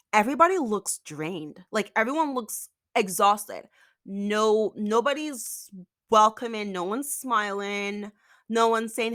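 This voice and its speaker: A woman's voice: mid-range voice, a bit bright. A woman telling a storytime vlog, exasperated, acting out the dialogue as she retells it. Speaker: vlogger.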